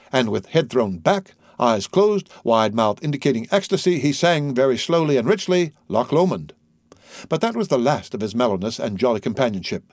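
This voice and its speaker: A man's voice: mid-range voice, darkish tone, dry recording, studio quality. A man reading a novel aloud as a narrator, giving the dialogue light character voices. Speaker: audiobook narrator. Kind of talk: scripted narration.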